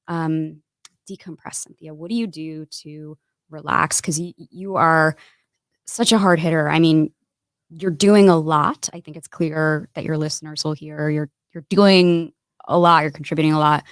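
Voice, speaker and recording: A woman's voice: low-pitched, fairly even intonation, moderate pace, no echo. A woman talking candidly as a podcast guest, earnest and chatty, often adding "like" and "right?". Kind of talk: candid conversational interview. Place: podcast studio.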